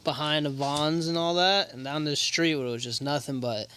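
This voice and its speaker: Laid back guy with a bright smooth voice, a bit high, podcast chat. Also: steady tone, moderate pace, a little hiss or hum. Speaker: podcast co-host. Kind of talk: casual chat.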